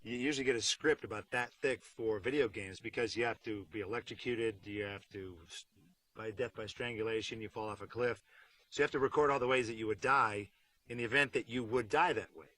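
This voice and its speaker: Rich: a wry middle-aged man telling behind-the-scenes stories. His voice is fairly low but crisp and bright, with a dry, joking delivery and deadpan asides. Now and then he drops into silly voices. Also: fairly quick, dry recording, low-quality recording. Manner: acts out silly voices mid-story. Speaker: actor.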